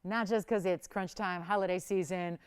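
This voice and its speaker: A woman hosting a live jewelry shopping show, pitching with energy and counting prices down urgently. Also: fairly even intonation, moderate pace, clean tone. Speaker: shopping channel host. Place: studio.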